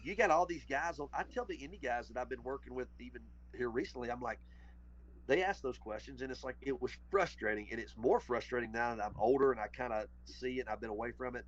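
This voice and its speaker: A man's voice: mid-range voice, fast talker. A man with a Southern US accent, a podcast guest telling stories in casual chat, rambling and restarting his sentences. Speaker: podcast guest, former wrestler. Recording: muffled lo-fi audio.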